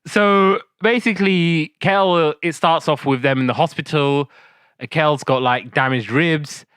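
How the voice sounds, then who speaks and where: A man hosting a podcast in casual chat, animated and laughing often as he retells cartoon scenes. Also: on the high side, unhurried, smooth. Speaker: podcast host.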